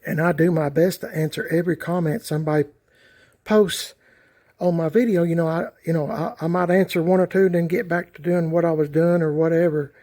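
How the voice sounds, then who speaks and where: A man's voice: on the high side, steady tone, brisk, dark tone. A middle-aged man talking casually to his viewers outdoors, rambling with many fillers and restarts. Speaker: YouTube vlogger. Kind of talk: casual talk to camera.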